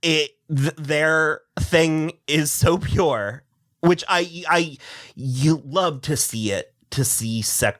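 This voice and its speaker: A man's voice: a little high, takes it slowly, a bit bright. A man co-hosting a TV recap podcast, chatting casually, rambling, trailing off mid-sentence and laughing often. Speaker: podcast co-host.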